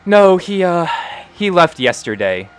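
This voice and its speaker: A man voicing a short, kindly older woman who runs a tavern, speaking in a gentle, motherly way. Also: high-pitched, sing-song, a little slow, clear, resonant tone, soft background music, voice pushed up.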